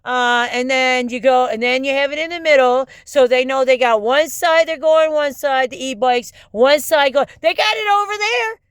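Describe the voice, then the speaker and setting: A woman's voice: sits high, steady tone, moderate pace, few pauses, smooth, no room sound. A woman in an angry, rambling monologue, swearing often and jumping between topics.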